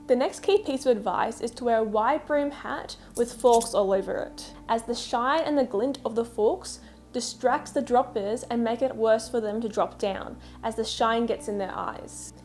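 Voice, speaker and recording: A woman's voice: a little high, darkish tone. A woman with a Melbourne Australian accent giving mock-serious documentary narration, playful and full of asides. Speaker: video creator.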